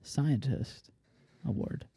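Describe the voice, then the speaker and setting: A man's voice: slow pace, mellow. A man co-hosting a sports podcast in casual chat, often hesitating and restarting his sentences. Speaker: podcast co-host.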